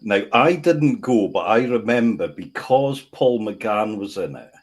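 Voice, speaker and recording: A man with a very deep, husky voice chats on a podcast. He rambles, restarting and trailing off as he talks. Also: animated, unhurried. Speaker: podcast co-host. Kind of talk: casual chat.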